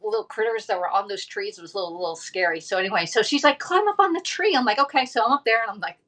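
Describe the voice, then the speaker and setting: A woman's voice: mid-range voice, rapid-fire, a bit bright. A woman, chatting casually on a livestream from home and rambling through a story with lots of fillers. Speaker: livestream host.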